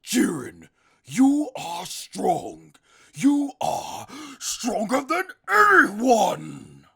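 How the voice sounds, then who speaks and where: A man voicing a loyal male alien warrior who shouts rising, impassioned pleas to his leader. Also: high-pitched, wildly swooping pitch, drawn-out words, creaky, husky, voice pushed up, full character voice. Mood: earnest.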